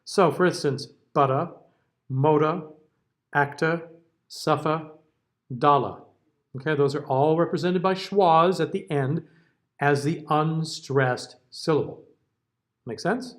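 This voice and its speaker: Diction teacher with a higher man's voice. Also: slow, pauses often. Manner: explanatory, checks in often with okay; sings example words out. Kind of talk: classroom lecture.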